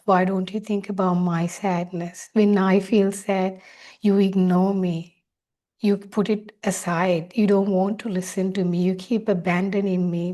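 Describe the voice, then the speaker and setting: A woman's voice: medium pitch, mellow, close to an everyday voice. A woman speaking as her listener's hurt, neglected inner child, asking one reproachful question after another.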